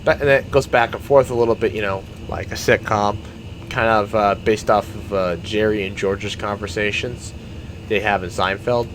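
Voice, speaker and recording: A man's voice: fairly low pitch, fairly even intonation, normal speed, background noise. A man, a gaming YouTuber, giving casual, rambling commentary while he plays a game. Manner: rambling, meandering storytelling.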